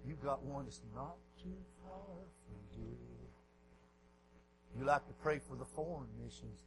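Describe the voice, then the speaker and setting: A man preaching a folksy revival sermon in a church, dropping to quiet asides and rising to shouts. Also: expressive, measured pace, very noisy. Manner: folksy, swings from low murmurs to hoarse shouting.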